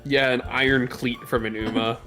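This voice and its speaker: A man's voice: medium pitch, flat delivery, normal speed, over music. Joking, profane man in casual chat. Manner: joking and profane, retells comedy bits.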